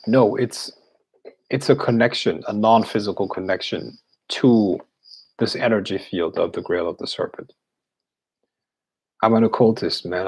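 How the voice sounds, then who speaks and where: A man's voice: on the low side, vocal fry, a little mellow, breathy edge, poor audio. A man speaking as an occultist, answering viewer questions in a casual live Q&A, blunt and profane, with scoffing laughs.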